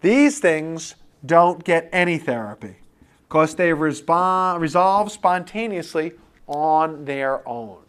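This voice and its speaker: A man lecturing for a medical board exam review, animated and playing out imagined student replies. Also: a little high, slow, clean tone.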